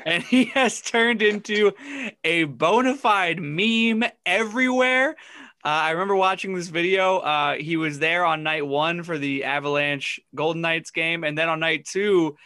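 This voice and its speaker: A man's voice: on the high side, a little slow, sharp tone, clear, resonant tone, dry recording, studio quality. A man co-hosting a casual sports podcast, recounting funny stories and laughing often. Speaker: podcast co-host.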